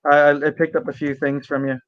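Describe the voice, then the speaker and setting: A man's voice: a little high, little pitch movement, quick pace, dry recording, highs cut off. A man hosting a casual interview, joking and stammering over restarts. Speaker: podcast host.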